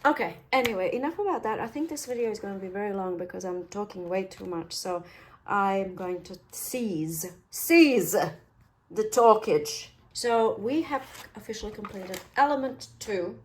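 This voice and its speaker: A woman's voice: medium pitch, fairly quick, a little hiss or hum. An Australian woman vlogging as she works on a handmade journal, rambling and poking fun at herself. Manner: rambling and self-deprecating, talks while working. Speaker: craft vlogger. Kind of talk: chatty crafting tutorial.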